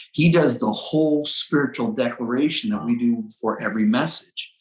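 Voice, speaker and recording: A man's voice: mid-range voice, moderate pace, hardly any pauses. A middle-aged man, a pastor, telling a personal testimony in earnest storytelling style in an interview. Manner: earnest storytelling, quoting dialogue, shifting pace. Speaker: pastor, guest. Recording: roomy echo.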